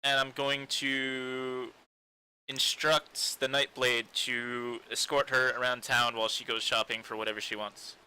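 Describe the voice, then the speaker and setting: Brief: bright-toned man, unhurried, chuckling between lines. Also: medium pitch, level tone, smooth, low-quality recording. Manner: slow, laughing, joking. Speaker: tabletop game player. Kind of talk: casual game chat.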